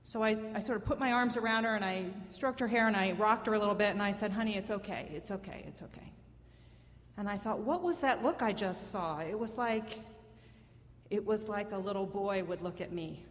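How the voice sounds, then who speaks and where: A woman's voice: mid-range voice, flat delivery, a little fast, big-room sound. A woman in her fifties telling a personal story live on stage, conversational, wry and self-mocking.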